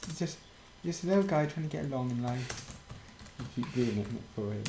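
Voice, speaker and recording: A man's voice: medium pitch, expressive, fairly quick, warm tone. A man chatting while playing a game, teasing and mock-scolding his friend. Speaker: gamer. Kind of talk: casual gaming chat. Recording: roomy home mic with faint noise.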